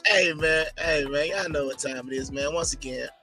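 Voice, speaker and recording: A man's voice: on the high side, normal speed, over loud music. A man co-hosting a podcast in casual, slangy talk, tagging "man" onto his lines. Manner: laid-back, slangy, says "man" often. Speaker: podcast co-host.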